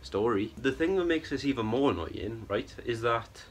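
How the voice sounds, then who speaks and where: A man's voice: mid-range voice, lively intonation, moderate pace, slight background noise. A young man giving a casual, exasperated film review, rambling and tagging his points with "right?" and "bro". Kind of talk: ranting film review vlog.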